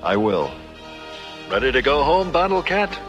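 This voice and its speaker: An actor playing a heroic, muscular warrior prince in a 1980s animated film, speaking in a steady, reassuring way. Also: male voice, medium pitch, normal speed, lo-fi sound, over loud music, lightly acted. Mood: gentle farewell. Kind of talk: 1980s cartoon voice acting. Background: film score.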